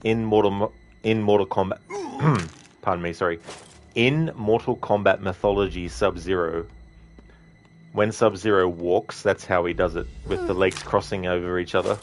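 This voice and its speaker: A man's voice: low-pitched, moderate pace, slight background noise. A man streaming a game, chatting casually and sometimes parroting the game's lines as a joke. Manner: chatty, often repeating game lines in a jokey put-on voice. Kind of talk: casual gameplay commentary.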